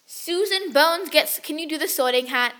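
A woman's voice: sits high, normal speed, a bit bright. A young woman co-hosting a casual book chat, giggly and playful as she recites verse. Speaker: book podcast co-host.

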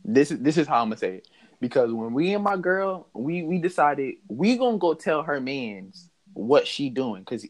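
A young man telling a story in casual chat, animated and mocking, laughing as he goes. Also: on the high side, moderate pace. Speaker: podcast host telling a story.

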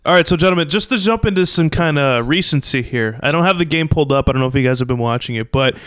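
A young man hosting a sports chat show, talking in quick bursts with restarts and acted-out quotes. His voice sits a little high and rings smooth and resonant. The sound is close and dry, with no room to it. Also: no room sound. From New York metropolitan area. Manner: animated, talks in restarts and acted-out quotes, blunt opinions. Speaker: podcast host.

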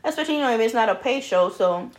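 A woman's voice: on the high side, animated, racing, slight background noise. Spanish-accented woman, bubbly bilingual chatter. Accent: Spanish-accented English. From New York. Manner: switches between English and Spanish, laughs often. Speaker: podcast co-host. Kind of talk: casual bilingual chat.

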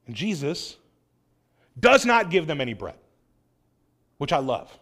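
High-pitched man preaching a sermon. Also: big pitch swings, a little slow, long pauses, a bit bright. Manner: earnest, acts out quoted voices, rising emphasis.

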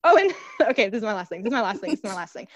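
A woman co-hosting a podcast in casual chat, gushing and animated and swearing freely. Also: mid-range voice, very fast, no room sound. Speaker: podcast co-host.

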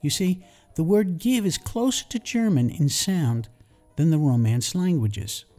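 Mellow-voiced New York teacher. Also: male voice, fairly high pitch, expressive, unhurried, faint music behind. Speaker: English teacher and podcast host. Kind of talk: scripted podcast lesson.

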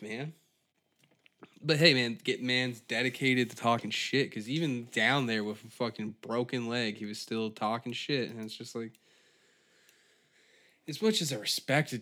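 Dude ranting alone on his podcast, cussing a lot, rambly and fed up, normal pitch. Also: measured pace, pushed and bright. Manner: profane, rambling, exasperated. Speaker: podcast host. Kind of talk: solo comedic rant.

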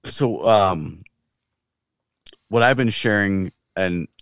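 A man in his fifties co-hosting a podcast, talking in a slow, measured way with many ums as he shares from scripture. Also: lowish voice, fairly bright tone, slight background noise. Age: 50s. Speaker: podcast co-host. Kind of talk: casual chat, teaching from scripture.

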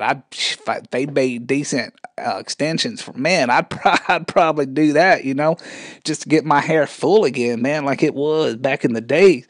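A man's voice: medium pitch, no echo, lightly acted. Guy doing a scrawny dude, rambles and drawls, says man every line, dry close sound. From rural Arkansas. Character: scrawny rural Southern man, rambling, touchy. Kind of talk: comedic character interview.

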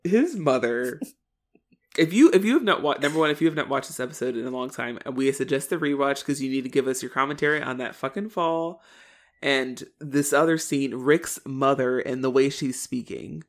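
A woman's voice: rumbling low, normal speed. A woman co-hosting a casual rewatch podcast, rambling through her thoughts with many restarts and fillers. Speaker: podcast co-host.

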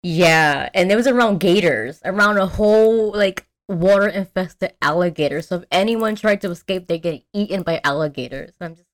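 A young adult woman host recapping a movie in casual chat. She talks in an animated, slangy way, with lots of fillers and restarts. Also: on the low side, moderate pace. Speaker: podcast host.

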